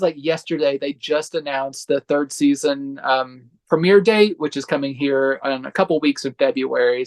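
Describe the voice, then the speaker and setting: Male podcast co-host, somewhat high pitch; casual, eager recommender, hedges with fillers. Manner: enthusiastic, hedging with fillers. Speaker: podcast co-host reviewing disc releases. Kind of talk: casual chat.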